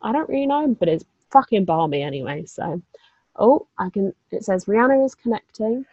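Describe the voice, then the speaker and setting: A woman's voice: medium pitch, expressive, brisk, darkish tone, breathy edge, dry recording, lo-fi sound. A young woman co-hosting a podcast, chatting casually with plenty of fillers, asides and the odd swear word. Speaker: podcast co-host. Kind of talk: casual chat.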